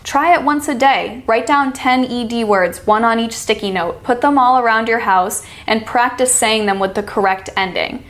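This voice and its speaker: Woman teaching slow, careful pronunciation. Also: on the high side, a bit bright. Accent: American. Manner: slow, demonstrating each sound. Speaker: accent coach. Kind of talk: pronunciation lesson.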